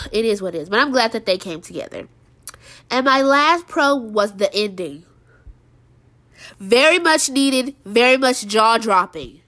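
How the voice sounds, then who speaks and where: A woman with a medium-pitched, slightly bright voice hosts a show reviewing TV episodes. Her casual review monologue is chatty and emphatic, packed with fillers and repetition.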